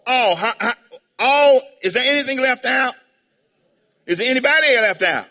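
Bright, high-voiced preaching man. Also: very animated, normal speed. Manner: call-and-response, asking the congregation for amens and answers; preaching with sudden loud shouts. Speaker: pastor. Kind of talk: sermon. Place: church sanctuary. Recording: long hall reverb.

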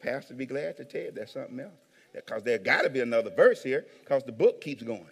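A man preaching a sermon as pastor, animated, acting out voices and swinging between hushed asides and shouts. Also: medium pitch, fast, breathy edge. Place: church hall with long reverb. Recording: reverberant hall.

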